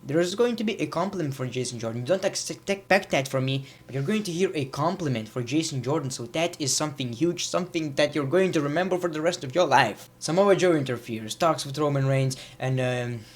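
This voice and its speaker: A man's voice: fairly high pitch, expressive, a little fast, hardly any pauses. A man hosting a casual video review of a wrestling show, chatty and opinionated, with sarcastic asides.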